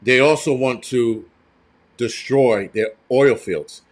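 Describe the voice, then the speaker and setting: A man's voice: mid-range voice, takes it slowly. Blunt, profane American man. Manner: blunt, profane and rambling, talking straight to viewers. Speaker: prepper channel host. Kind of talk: casual live-stream commentary.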